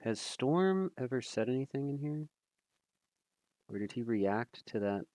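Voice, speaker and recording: A man's voice: mid-range voice, lively intonation, measured pace, mellow, dry recording. Dry, chatty male stream caster. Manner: chatty, thinking aloud with fillers; self-deprecating, laughs easily. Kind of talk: casual live-stream commentary.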